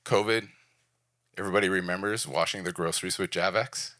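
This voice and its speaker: A man's voice: deep voice, fairly even intonation, a little fast, sharp tone, dry recording, studio quality. A man in his forties from Prince Edward Island, Canada, giving a candid, self-deprecating talk at a design event in short punchy phrases. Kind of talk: personal storytelling talk. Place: event venue.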